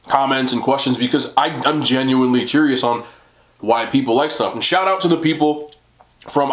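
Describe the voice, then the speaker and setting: A young man chatting casually on camera while he eats, laughing often and poking fun at himself. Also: on the high side. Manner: chatty and self-deprecating, laughs often, talks while eating. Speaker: mukbang vlogger. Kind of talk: casual eating vlog chat. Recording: roomy home recording.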